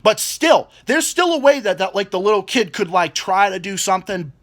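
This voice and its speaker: A young man in his twenties rants about work, his fairly high voice swinging widely up and down. He swears nonstop, stumbles over repeated words and acts out other people in quoted bits. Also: very animated, normal speed, fairly bright tone. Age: 20s. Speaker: vlogger. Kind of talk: angry rant.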